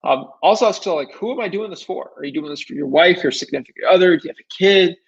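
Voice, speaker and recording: Young male coach, higher-pitched, casual and rambling, dull lo-fi recording. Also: quick pace, vocal fry, slightly rough. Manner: chatty, repetitive, animated asides with fillers. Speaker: real estate wholesaling coach. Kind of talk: casual spoken tutorial. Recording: dull lo-fi audio.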